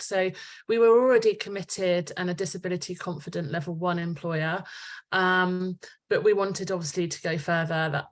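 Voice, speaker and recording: A woman speaking as a panel guest, friendly and chatty, laughing easily. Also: on the low side. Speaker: guest from a pub chain. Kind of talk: panel interview.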